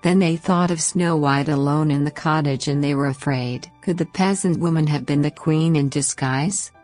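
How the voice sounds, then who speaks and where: A woman narrating a bedtime fairy tale in a slow, gentle, expressive reading. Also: low-pitched, faint music behind. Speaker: storyteller.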